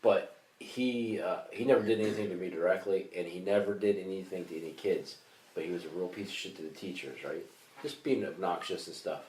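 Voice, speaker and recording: A man co-hosting a comedy podcast, telling a story in a casual, animated way with plenty of swearing. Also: deep voice, brisk. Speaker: podcast co-host. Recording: echoey room, distant mic, faint hiss.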